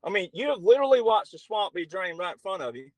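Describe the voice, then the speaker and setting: A middle-aged man speaks as a podcast guest in a fairly high voice. He is blunt and emphatic and swears freely. His voice is recorded close on a dry mic with no room sound. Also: very animated, fast, no room sound, low-quality recording. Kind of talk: political talk show conversation.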